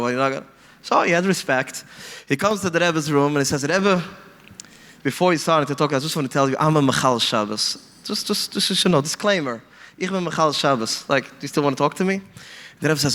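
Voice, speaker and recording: Animated storytelling man, reverberant sound. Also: on the high side, brisk. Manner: animated storytelling, voices quoted people, mixes Yiddish phrases. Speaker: podcast guest speaker. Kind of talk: storytelling talk.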